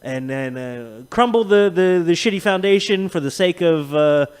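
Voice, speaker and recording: A man's voice: fairly high pitch, normal speed, clear, resonant tone. A man co-hosting a podcast, telling rambling, profane stories in casual chat. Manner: profane, rambling, animated storytelling with laughs. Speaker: podcast co-host.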